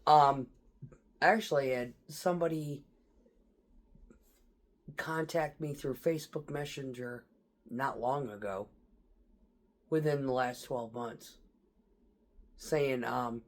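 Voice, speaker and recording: A woman's rumbling low voice comes slowly, with frequent pauses. She's a veteran telling casual, profane, blunt stories from her tours, laughing her way through the tense parts.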